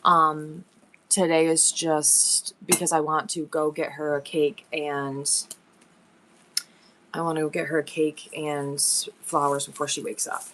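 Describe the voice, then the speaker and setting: A woman's voice: deep voice, little pitch movement, measured pace, a bit bright, slight background noise. A young woman chatting casually and rambling on a livestream from her home. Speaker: live seller.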